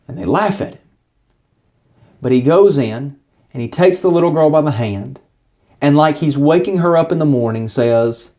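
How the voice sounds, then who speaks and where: A Bible teacher narrates a scripted study lesson in a slightly high, warm voice with lively intonation, speaking at normal speed with long pauses. He retells the passage earnestly and briefly acts out the characters' lines.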